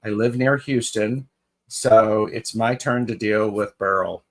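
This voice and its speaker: A man's voice: lowish voice, measured pace. A man co-hosting a live tarot stream in casual chat, greeting viewers by name with fillers and restarts.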